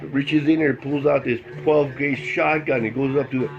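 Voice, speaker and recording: A man tells a long shaggy-dog joke in a loose, rambling way, jumping into the characters' voices as he goes. The recording sounds dull and lo-fi, with music playing clearly behind him. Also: mid-range voice, fairly even intonation, normal speed. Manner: rambling, acts out voices, laughs at own jokes. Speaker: joke-telling host. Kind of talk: casual joke telling.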